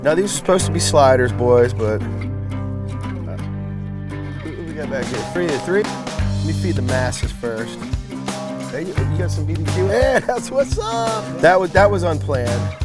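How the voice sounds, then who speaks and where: A man's voice: on the high side, moderate pace, long pauses, loud music behind the voice. Cheerful man hosting an outdoor cooking vlog. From New England. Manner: upbeat, jokey, talks to friends while serving food. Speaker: host of a barbecue cooking channel. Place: outdoors in a backyard at a smoker.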